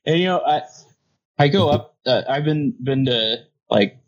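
A man's voice: fairly high pitch, a little slow. Easygoing man on a dull lo-fi mic. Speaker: podcast co-host. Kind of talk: casual chat. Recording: slightly dull lo-fi sound.

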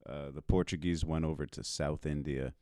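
A man with an extremely low, deep voice, the kind that sits right at the bottom of the range. He chats casually as a podcast guest, unhurried and drawling, trailing off into pauses. The sound is dry and close, with no room around it. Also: steady tone, warm tone, no echo. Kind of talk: casual chat.

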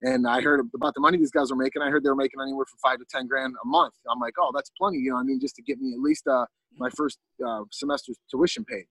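Gravelly, husky man telling a story. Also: mid-range voice, fairly even intonation, rapid-fire, fairly bright tone, dry recording, rough recording. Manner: rambling, lots of fillers and restarts. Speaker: podcast guest. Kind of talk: casual storytelling.

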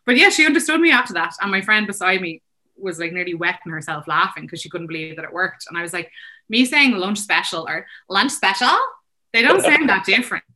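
An Irish woman talks fast and loosely, her speech dotted with fillers. Her voice sits a little low but sounds bright and forward. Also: sing-song. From Ireland. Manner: quick chatty talk full of fillers. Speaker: guest. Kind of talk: casual conversation.

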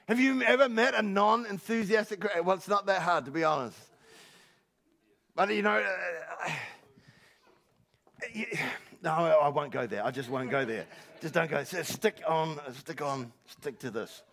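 A male pastor preaching a passionate sermon at a church service, stumbling over repeated words, breaking into laughter and rising to shouts. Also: on the high side, a little slow, vocal fry.

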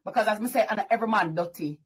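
A woman's voice: medium pitch, rapid-fire, breathy edge. A woman with a Jamaican accent giving direct, lecturing relationship advice.

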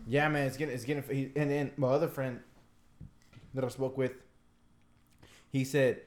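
A man's voice: mid-range voice, normal speed, long pauses, darkish tone. A man co-hosting a podcast, speaking bluntly in casual chat with plenty of slang. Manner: blunt, slangy, matter-of-fact.

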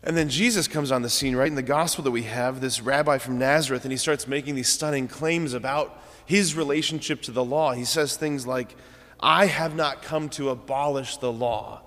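This young adult priest's homily unfolds conversationally, story-style, with frequent fillers, in a large church whose long reverb fills the recording. His mid-range voice is a bit bright and moves at a moderate pace.

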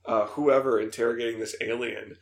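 Gravelly young man, excited game chat. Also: medium pitch, fairly quick. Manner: excited, fillers, laughs, imitates voices. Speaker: podcast co-host. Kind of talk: casual chat.

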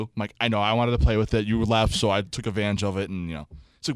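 A young man, co-hosting a casual chat show and telling a story with lively quoted voices and frequent laughter. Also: lowish voice, very fast, smooth, no room sound, studio quality. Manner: animated storyteller, acts out quotes, laughs often. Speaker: podcast co-host.

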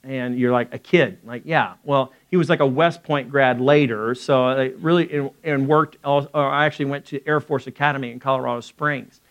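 A middle-aged man preaches in a relaxed, storytelling way. His voice sits in a mid range, and he throws in quick asides and voices for the people in his story. He ends by leading a prayer. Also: medium pitch, muffled recording. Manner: lively storytelling with acted quotes and quick asides. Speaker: pastor.

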